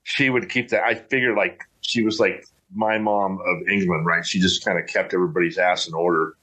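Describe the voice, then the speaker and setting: A man's voice: sits low, fairly even intonation, fairly quick, sharp tone, breathy edge. A middle-aged man talking in a casual, rambling, folksy way with frequent restarts. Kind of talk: casual chat.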